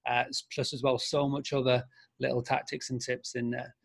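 A man's voice: mid-range voice, flat delivery, normal speed, gravelly. A man in casual chat recommending books, talking off the cuff with many filler sounds and restarts.

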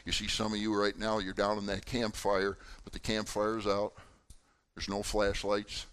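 A man, a pastor, preaching a sermon with lively swings in pitch and loudness and putting questions to his congregation. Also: normal speed, clear, resonant tone.

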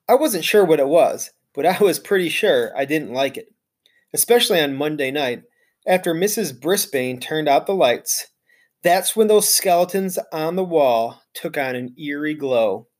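A male teacher reading a children's chapter book aloud, narrating in an expressive, storytelling way. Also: on the high side.

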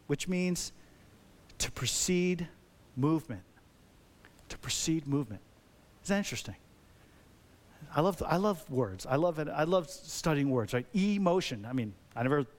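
A fairly high-voiced man preaching a sermon. He speaks like a pastor in conversation with his congregation, tossing out rhetorical questions. His delivery is animated and personal.

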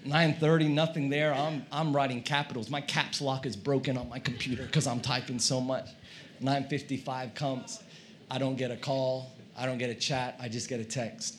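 A male pastor preaching a sermon, telling a comic story in an animated way and acting out his own shouting. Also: medium pitch, normal speed. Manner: animated, acts out quoted shouting.

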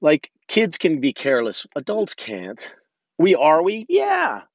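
In a lo-fi recording with no echo, a podcast host talks on his own in a voice on the high side, with huge pitch swings and a slow pace. His casual monologue is candid, self-reflective and rambling, full of swearing and restarted sentences.

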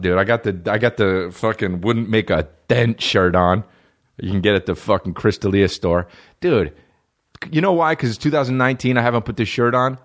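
A young man hosting a comedy podcast, ranting profanely, jumping between loud high bursts and low mumbled asides. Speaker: podcast host. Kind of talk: solo comedic podcast rant.

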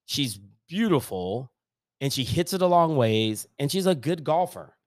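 A man's voice: fairly high pitch, very animated, unhurried, dry recording, studio quality. A man co-hosting a casual golf podcast, enthusiastic and rambling, often trailing off mid-thought. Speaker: podcast co-host.

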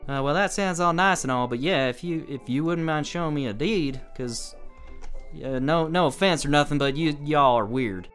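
A man's voice: on the high side, normal speed, a bit bright, soft background music, natural voice. A man voicing a folksy small-town country woman. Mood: wary. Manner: folksy drawl, casual country talk.

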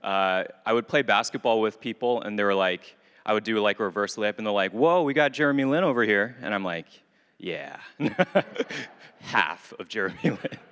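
A young man giving a talk at a retreat, telling a story with self-mocking humor and lively energy. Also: fairly low pitch, normal speed, smooth. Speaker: retreat speaker. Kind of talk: casual talk to a group. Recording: long reverb of a hall.

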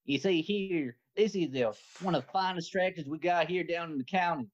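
A folksy redneck tractor seller with a Southern accent, talking slow and country in a voice pitched well above his usual one, as a man puts him on. The sound is muffled and lo-fi. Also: close to an everyday voice. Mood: folksy salesman. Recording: muffled lo-fi audio.

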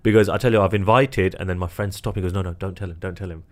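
Male entertainer, deep voice, chatty anecdote teller, lots of laughs. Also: fast. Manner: animated storyteller, quotes others, laughs often. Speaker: magician and entertainer. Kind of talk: casual chat.

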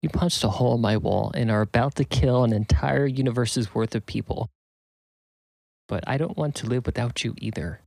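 A man voicing a soft-spoken, sarcastic young woman in a story he narrates. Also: medium pitch, moderate pace, vocal fry, no room sound.

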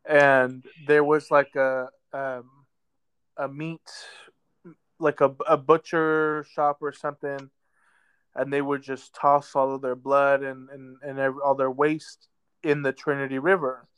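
A man co-hosting a casual podcast, laid-back and drawn-out, with many ums. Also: mid-range voice, little pitch movement, fairly bright tone, clean tone. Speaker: podcast co-host. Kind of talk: casual chat. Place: lives in a southern US metro area.

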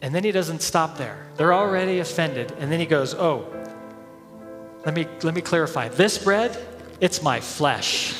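A man's voice: on the high side, animated, a little slow, a bit bright, long reverb tail, faint music behind. A man preaching a sermon as head pastor, telling the story with energy, acting out the crowd's voices and often chuckling.

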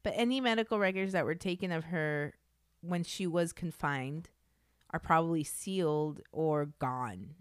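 A woman's voice: low-pitched, a little slow, smooth, no echo, clean studio sound. A woman co-hosting a podcast, narrating a true-crime case in a blunt, matter-of-fact way between casual chat.

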